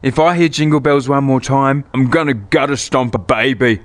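A man's voice: medium pitch, moderate pace, natural voice. A man voicing a grumpy, foul-mouthed adult male Santa in a cartoon dub, ranting at kids. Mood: irate. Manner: cranky, swearing rant.

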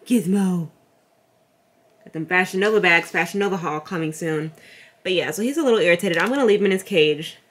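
This young woman talks fast in a fairly low voice, vlogging casually to camera in an echoey home room with a slight hiss or hum. She's chatty throughout and coaxes her dog in a soft tone.

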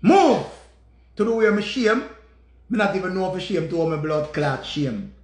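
A man's voice: high-pitched, animated, normal speed. A man with a Jamaican accent, hosting a live stream and ranting emotionally, repeating himself in heated bursts. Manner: heated, repetitive, shouting outbursts. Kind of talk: emotional storytelling rant. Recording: echoey room.

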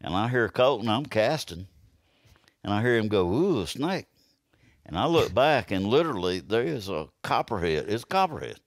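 A man's voice: fairly low pitch, a little fast, dry recording. Middle-aged Alabama man spinning a yarn. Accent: Southern US (Alabama). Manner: lively yarn-spinner who acts out quoted lines. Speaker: podcast guest. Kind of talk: casual storytelling.

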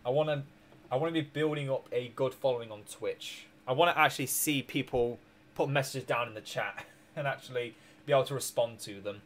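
A man's voice: mid-range voice, brisk, fairly bright tone. A man streaming a strategy game, rambling through his moves with restarts and small chuckles while tired and hiccuping. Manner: rambling, self-correcting, chuckling. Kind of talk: casual gameplay commentary.

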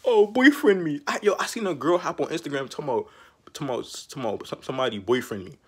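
Young dude ranting to the camera super fast, husky voice, lots of slang n cussing. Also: male voice, mid-range voice. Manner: profane, repetitive, animated street slang; laughs often mid-rant. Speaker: vlogger. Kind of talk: casual rant to camera.

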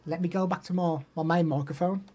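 A man's voice: a little high, fairly even intonation, fairly quick, darkish tone, faint music behind. A young man chatting casually on a live stream, rambling and answering chat messages.

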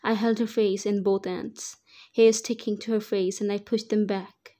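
A woman narrating a first-person fan fiction story in an even, unhurried reading. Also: mid-range voice.

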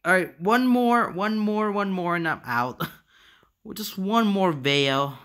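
Male reaction host, unhurried delivery, laughing through tears. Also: high voice, fairly bright tone. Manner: helpless laughter, talking through giggles. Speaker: channel host. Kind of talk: reaction video commentary.

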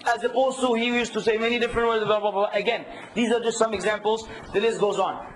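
Animated high-voiced man teaching a workshop. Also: quick pace, a little hiss or hum, poor audio. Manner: animated, quizzes the audience and acts out hecklers. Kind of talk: workshop lecture.

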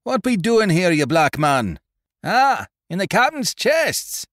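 A man voicing a rough, snarling male sailor villain in a storybook reading, with a harsh, shouted accusation. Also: sits high, big pitch swings, slow pace, no room sound, studio quality, voice pushed up, exaggerated voice.

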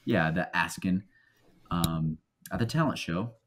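Laid-back joking podcast guy, lowish voice. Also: lively intonation, a little slow, slight background noise. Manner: loose and joking, acts out quotes in exaggerated voices. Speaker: podcast co-host. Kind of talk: casual comedic chat.

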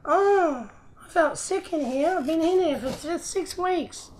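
Man doing a tiny squeaky toy koala, meek, high and bouncy. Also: expressive, a little slow, slight background noise, rough recording. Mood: relieved. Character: small toy koala, freshly unboxed, meek.

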